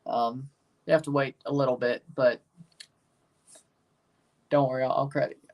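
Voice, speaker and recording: A man hosting a casual livestream, rambling, chatting with viewers and turning loud and emphatic when he passes judgment. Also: mid-range voice, level tone, normal speed, recorded from a distance, highs cut off. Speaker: livestream host ranking soccer kits.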